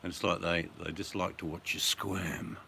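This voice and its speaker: A man's voice: sits low, flat delivery, normal speed, creaky, sharp tone, slight background noise. A man with an Australian accent hosting a livestream, chatting and joking with viewers. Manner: joking, chatty, breaks into song. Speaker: livestream host. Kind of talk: casual chat with viewers.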